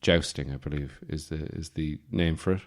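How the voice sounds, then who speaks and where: An Irish man in his forties, hosting a podcast with a rambling, deadpan comic monologue full of fillers and restarts. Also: extremely low pitch, normal speed. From Ireland. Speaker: podcast host.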